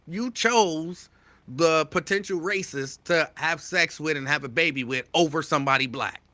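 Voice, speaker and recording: A male talk show host speaks straight to his listeners, calling them "y'all" as he gives his opinions. He is animated and emphatic, repeating his points. His voice is on the high side at a moderate pace, in a dry recording.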